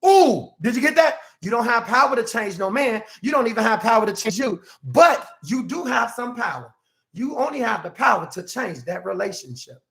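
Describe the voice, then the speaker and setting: A man preaching as a self-empowerment life coach, emphatic and swinging from quiet asides to shouts, acting out quoted people. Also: high voice, vocal fry. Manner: acts out quoted speakers in exaggerated voices. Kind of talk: preaching motivational talk.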